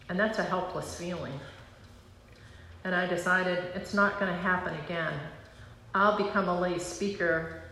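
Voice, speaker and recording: A woman pastor giving an earnest, emotional personal testimony from the pulpit, slow and pausing. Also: fairly low pitch, fairly bright tone, a little hiss or hum. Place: church sanctuary. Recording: roomy church hall sound.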